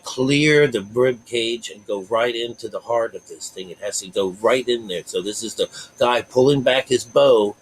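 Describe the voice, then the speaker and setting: A man giving an informal spiritual talk, rambling with restarts and drawn-out pauses, then reading passages aloud slowly and earnestly. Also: medium pitch, husky, low-quality recording.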